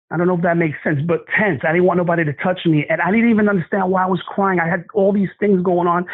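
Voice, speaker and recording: Man with a slightly high voice, earnest testimony, halting delivery, phone-line sound. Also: no room sound. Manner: earnest, halting storytelling with restarts. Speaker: guest sharing a testimony. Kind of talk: emotional personal testimony.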